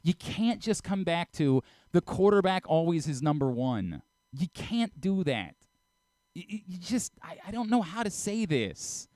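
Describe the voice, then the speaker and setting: Exasperated, lecturing sports radio host. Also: male voice, high voice, darkish tone, no room sound. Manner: exasperated, lecturing, stammering restarts. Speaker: radio host and programming director. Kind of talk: heated sports radio argument.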